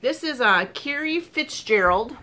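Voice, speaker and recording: A woman vlogger with a high-pitched, unhurried voice chats casually about her crochet projects. She gushes excitedly, says "um" a lot, and talks around a sore, burnt tongue.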